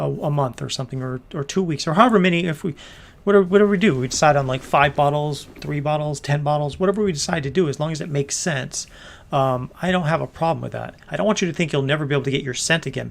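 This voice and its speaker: A man with a slightly high, gravelly voice talks casually on a livestream. He rambles through his business plans with plenty of fillers and restarts. Now and then he answers comments from viewers. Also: a bit bright. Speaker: small business owner hosting a livestream.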